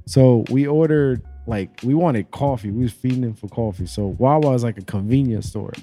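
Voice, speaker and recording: A man's voice: medium pitch, normal speed, mellow, soft background music. A man telling a long, profane story in casual chat among friends.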